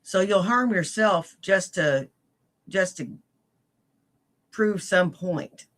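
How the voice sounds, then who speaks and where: A woman's voice: on the low side, slow pace, a bit bright. A woman in a played clip, ranting furiously and cursing heavily as she accuses someone. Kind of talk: angry profane rant.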